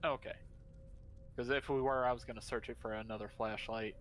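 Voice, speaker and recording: A man's voice: medium pitch, steady tone, fairly quick, slight background noise. A man playing a tabletop game with friends, chatty and laughing often. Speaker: player. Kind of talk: casual tabletop game chat.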